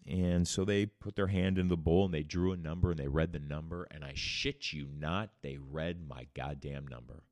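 A man's voice: deep voice, expressive, moderate pace, few pauses, no echo, studio quality. A man hosting a podcast, candidly telling his own recovery story with blunt, profane language. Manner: candid, blunt, swears freely. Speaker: podcast host.

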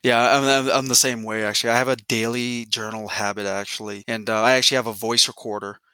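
A man's voice: fairly low pitch, little pitch movement, quick pace, bright, forceful tone, clean tone, no room sound. A man in his thirties, a guest in a casual conversation, talking earnestly and reflectively with many fillers. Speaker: podcast guest.

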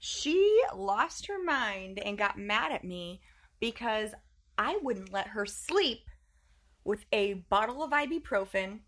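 A woman in her thirties, a podcast co-host, telling mom stories in casual chat, animated and laughing often. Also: a little high, slow. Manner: animated storytelling, laughs often, acts out voices.

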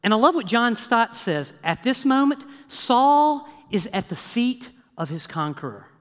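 A man preaching a sermon as pastor, lively and conversational, checking in with the congregation with frequent asides. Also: extremely high pitch, a little slow. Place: church sanctuary. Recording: long hall reverb.

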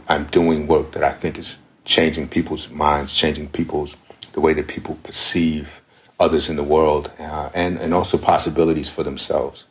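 Super low voiced guy on a podcast, reflective, restarts a lot. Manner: thoughtful, restarts phrases often. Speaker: podcast guest. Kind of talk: reflective conversational talk.

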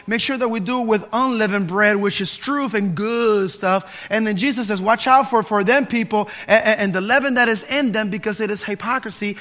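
A man's voice: high voice, bright, forceful tone. A pastor preaching a sermon to his congregation, earnest, with frequent restarts and fillers. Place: church sanctuary.

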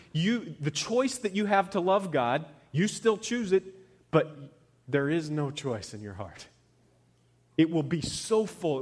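A man in his thirties preaching a conversational sermon as a pastor, often dropping to a soft, quiet voice. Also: a little high, big-room sound.

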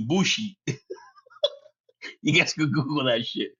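A man's voice: mid-range voice, a little slow, pushed and bright. A man hosting a casual solo podcast. He laughs often, swears freely and drops Spanish words into his English. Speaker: podcast host. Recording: dull lo-fi sound.

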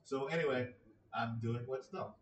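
A man's voice: medium pitch, normal speed, reverberant, recorded from a distance, slight background noise, rough recording. A man in a casual ranting monologue, exasperated and sarcastic, swearing freely.

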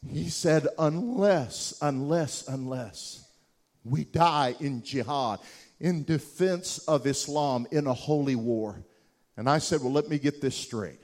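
Impassioned preacher, a fairly high-voiced man. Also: unhurried. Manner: impassioned, building to loud emphatic peaks; repeats key words for emphasis. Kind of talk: sermon with storytelling.

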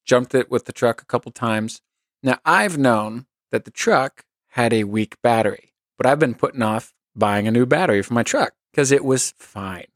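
A man's voice: mid-range voice, moderate pace, dry recording, clean studio sound. A middle-aged man co-hosting a podcast, telling stories in an easygoing way and laughing mid-sentence. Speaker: podcast co-host. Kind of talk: casual conversational advice.

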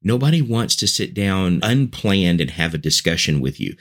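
Deep-voiced earnest man, podcast chat. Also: big pitch swings, normal speed, fairly bright tone. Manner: earnest, persuasive, building points in lists. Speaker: preacher and podcast guest. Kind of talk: conversational podcast talk.

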